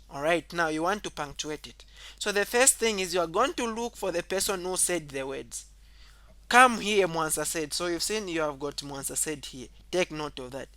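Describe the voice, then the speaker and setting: Bright-voiced male teacher explaining punctuation. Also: no room sound. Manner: explains step by step, repeats points, says okay often; reads example sentences aloud louder and higher. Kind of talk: whiteboard grammar lesson.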